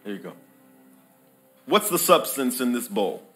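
A man's voice: medium pitch, sing-song, measured pace, fairly bright tone, faint music behind. A preacher man in his thirties or forties giving a playful sermon, joking with his congregation and calling for their responses. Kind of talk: lively sermon with audience call-and-response. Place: church hall with live congregation.

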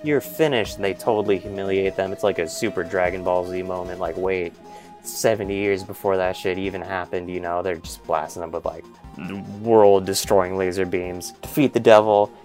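A man's voice: low voice, darkish tone. A man co-hosting a podcast, rambling through a comedic made-up movie recap. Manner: rambling, voices characters in quotes. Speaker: podcast co-host.

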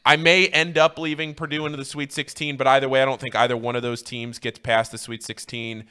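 A man co-hosting a sports talk show, giving quick, opinionated analysis. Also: mid-range voice, flat delivery, bright, forceful tone, clean tone.

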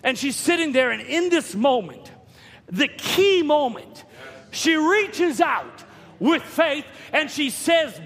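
A man preaching a sermon, telling a story with repeated words and rising to shouts at key points. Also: extremely high pitch, very animated, slow pace. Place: church hall. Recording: long reverb of a church hall.

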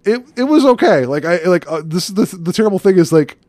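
A man's voice: high-pitched, sing-song, fairly quick, darkish tone, no echo. A man co-hosting a podcast, talking in a casual joking way with lots of fillers. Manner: joking, rambling with many fillers. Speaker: podcast co-host. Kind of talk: casual chat.

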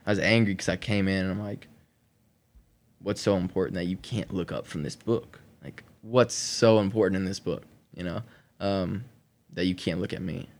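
Man telling his story, low voice. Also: fairly even intonation, moderate pace. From Oklahoma. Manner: rambling with fillers, laughs between sentences. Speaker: guest sharing his testimony. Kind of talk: conversational podcast storytelling.

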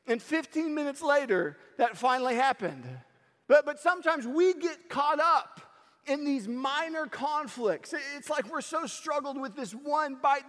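A man preaching a sermon, telling stories in an animated way and acting out the lines he quotes. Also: very high-pitched. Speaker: pastor. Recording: long hall reverb.

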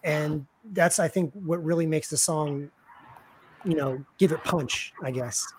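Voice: medium pitch, unhurried, a little hiss or hum. Rambling, easygoing radio host voice. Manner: rambling, repeats words while thinking aloud. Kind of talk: casual interview hosting.

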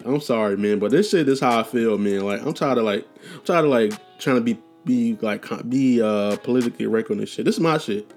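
A man's voice: medium pitch, fairly quick, a little mellow, soft background music. Young man telling rambling profane stories. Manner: loose, profane, rambling with restarts and slang. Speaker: podcast host. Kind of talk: casual storytelling monologue.

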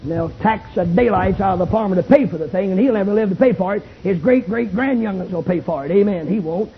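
Shouting preacher, lo-fi tape. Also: male voice, high-pitched, quick pace. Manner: shouting, calls for amens. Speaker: Baptist preacher. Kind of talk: fiery revival sermon. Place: revival tent. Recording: tinny lo-fi old tape recording.

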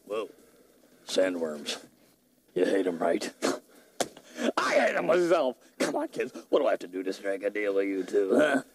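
Pushy sleazy ghost con man, high rasp, huge swoops, film-clip hiss. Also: very animated, measured pace, pauses often, heavily acted. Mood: wheedling. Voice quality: gravelly, wildly swooping. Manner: wheedling, pushy, erupts into shouting.

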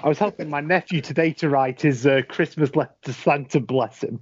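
A man's voice: fairly high pitch, fairly quick, husky, dry recording, muffled recording. An English man chatting casually on a podcast, laughing often and repeating words as he goes. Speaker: podcast co-host. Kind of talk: casual chat.

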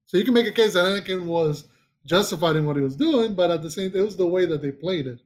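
A man's voice: high voice, animated, fast talker. A man co-hosting a casual podcast chat, rambling with restarts and searching for names as he talks. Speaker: podcast co-host.

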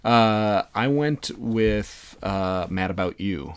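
A man co-hosting a casual podcast, easygoing and quick to chuckle. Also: fairly low pitch, clean tone. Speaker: podcast co-host. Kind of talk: casual chat.

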